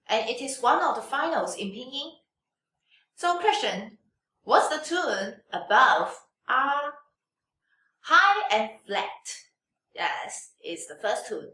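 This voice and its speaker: A woman teaching Mandarin pronunciation online, demonstrating tones slowly with exaggerated contours. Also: sits high, pushed and bright. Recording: echoey room, mic at a distance.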